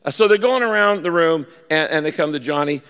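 A man preaching a sermon as a pastor, storytelling with animated delivery and acting out pleading voices. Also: fairly high pitch, brisk, clear, resonant tone. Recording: large hall with long reverb.

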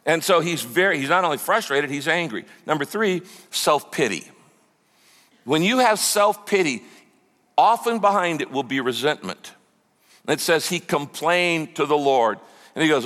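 A man delivering a sermon as pastor, his voice sitting a little high for a man. He speaks to the congregation in a lively, conversational way and acts out quoted lines. The sound carries the long reverb of a large hall. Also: moderate pace.

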